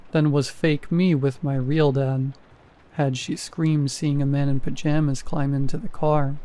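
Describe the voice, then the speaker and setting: A man narrating a first-person horror story in a steady, measured reading. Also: on the high side.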